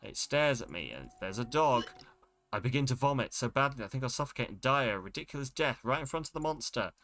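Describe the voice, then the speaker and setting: A man's voice: medium pitch, animated, fast, fairly bright tone. A man streaming a game, reading its text aloud in a dramatic way and breaking off with startled exclamations. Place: home streaming setup.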